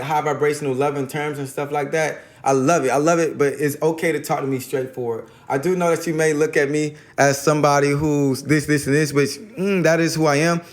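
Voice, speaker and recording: Male guest, higher voice, loose and rambling spiritual talk. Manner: rambling, slangy, repeats words when starting.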